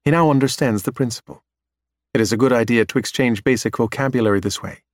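A man reading a science fiction story aloud as narrator, in a steady, even storytelling manner. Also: medium pitch, quick pace, no echo, studio quality. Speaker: audiobook narrator. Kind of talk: scripted narration.

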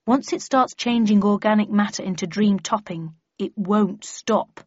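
A woman's voice: mid-range voice, a little slow, a little mellow, slightly rough, no room sound. A woman voicing an earnest, fussy young male lab scientist who explains things carefully and matter-of-factly. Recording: slightly muffled lo-fi recording.

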